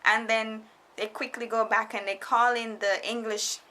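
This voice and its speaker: A young woman recounts a story for her vlog in a casual, animated way. Her voice is bright and a little high, and she often laughs and slips into playful voices when she quotes people. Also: moderate pace. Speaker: vlogger. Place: foreigner living in Japan.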